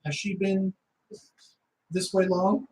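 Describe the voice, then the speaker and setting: A man's voice: sits high, level tone, a little mellow, recorded from a distance, a little hiss or hum, voice pushed up, poor audio. Casting note: a man doing a genteel young Italian-accented lady, old-world hospitality, tabletop game. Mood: gracious. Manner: halting, heavy-ish Italian accent attempt.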